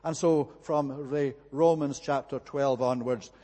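A man preaching a measured expository sermon, pausing often with "eh" between phrases. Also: medium pitch, fairly even intonation, warm tone. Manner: measured, deliberate, frequent "eh" fillers. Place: church. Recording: church hall with long reverb.

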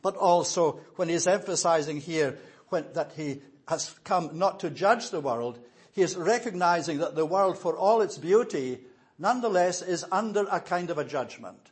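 A man preaching an expository sermon, speaking in a measured, explanatory way with frequent pauses. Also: a little high, lively intonation.

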